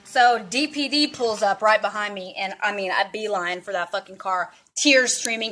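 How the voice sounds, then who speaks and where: A young woman from Dallas telling a storytime vlog in a profane, animated way. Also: mid-range voice, moderate pace, hardly any pauses. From Dallas, Texas. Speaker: vlogger.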